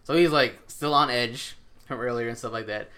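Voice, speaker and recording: A man's voice: medium pitch, normal speed, pushed and bright. A young man tells a long story in casual chat, swearing freely and acting out his friends' lines.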